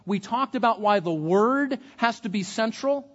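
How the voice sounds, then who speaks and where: A man with a fairly high voice delivers an earnest sermon, restarting his sentences with repeated words. He sounds like a pastor speaking to a congregation. The recording is muffled and carries a long hall echo. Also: animated, normal speed.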